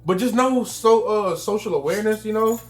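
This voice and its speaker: A young man in his twenties co-hosting a podcast, telling stories in a profane, joking, animated casual chat. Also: high voice, a little fast. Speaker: podcast co-host.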